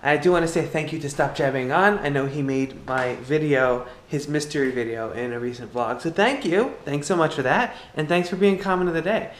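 A man in his thirties talking to a handheld camera in a chatty, upbeat daily family vlog, thinking out loud as he goes. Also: on the high side, fairly quick, hardly any pauses. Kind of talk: casual vlog talk to camera. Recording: camera audio with steady background noise.

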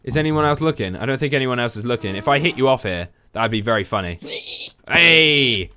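A young man giving casual, excitable let's-play commentary while playing, talking back to the game's creatures. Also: mid-range voice, brisk. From England. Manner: excitable, jumpy, talks to game creatures. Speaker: gaming YouTuber.

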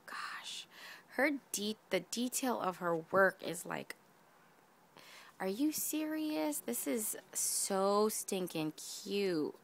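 A woman's voice: mid-range voice, very animated, drawn-out words, gravelly. A woman craft vlogger gushing over gifts in a casual unboxing video, addressing her viewers directly. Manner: gushing, effusive, talks to viewers.

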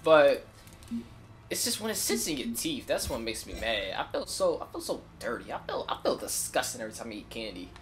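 Man talking over gameplay, rambling and slangy, with a lively pitch and faint music behind. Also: brisk. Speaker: gaming channel host. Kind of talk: casual gameplay commentary.

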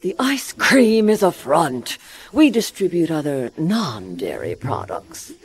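A deranged ice cream woman who despises children in a video game cutscene. She speaks slowly, her pitch swinging wildly from hushed whispers up to piercing shrieks. Manic and venomous throughout. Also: very animated, breathy edge, exaggerated voice. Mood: venomous, gloating. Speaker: ice cream factory owner.

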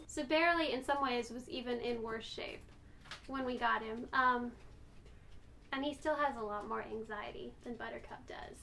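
A woman's voice: a little high, moderate pace, gravelly, sharp tone, slight background noise. A woman vlogger chatting casually to camera about her rescue dogs, affectionate and rambling, cooing at them now and then. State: out of breath.

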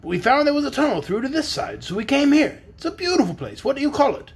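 A man's voice: very high-pitched, wildly swooping pitch, fast, pitched above the performer's own voice, full character voice. A man voicing a kindly, polite little old wizard in a storybook, who stammers when flustered. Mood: polite, puzzled.

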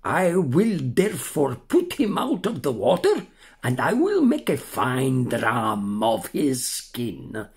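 An older man voicing a greedy, quick-tempered village buyer in a storybook reading, blustering and indignant. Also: medium pitch, wildly swooping pitch. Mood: musing. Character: grasping middle-aged village buyer, easily angered.

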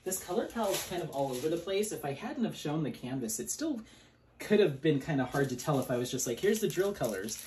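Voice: medium pitch, sing-song, fairly quick, a little mellow, slight background noise, low-quality recording. A hobby vlogger in a casual unboxing chat who gushes and rambles with many fillers and laughs, then reads out long runs of color numbers. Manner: chatty and gushing, with frequent fillers and laughs. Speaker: diamond painting hobby vlogger.

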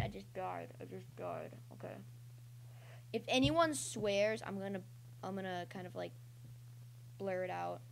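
With a creaky, medium-pitched voice at normal speed, a young woman casually talks through her own online gameplay as the host of her channel. She rambles and lets out excited yelps and cheers, over slight background noise.

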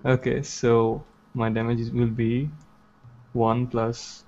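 A man's voice: mid-range voice, monotone, slow pace, background noise. Hesitant man playing, lo-fi audio. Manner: hesitant, repeating words. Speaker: player. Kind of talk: in-character roleplay. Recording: dull lo-fi online audio.

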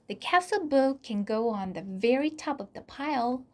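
A woman voicing an eager, bossy and curious young girl in a storybook reading, bright and urgent. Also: on the high side, animated, moderate pace.

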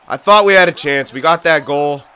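A man's voice: a little high, normal speed, pushed and bright, clean tone. A young man giving live gameplay commentary, ranting and swearing in frustration at a hockey video game. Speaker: gamer.

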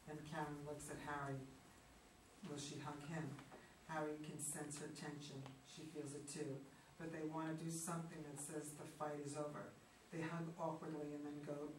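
A woman reading the stage directions in a matter-of-fact way, as narrator of a reader's theater play. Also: sits low. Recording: echoey room, mic far off, noticeable hiss.

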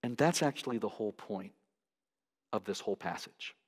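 Emphatic pastor preaching in a reverberant hall. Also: male voice, expressive, moderate pace, husky. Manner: emphatic, rises sharply in pitch to stress points. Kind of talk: sermon. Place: large church sanctuary.

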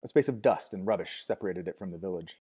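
Husky low-voiced male audiobook narrator. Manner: steady measured reading with small restarts. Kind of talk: novel reading.

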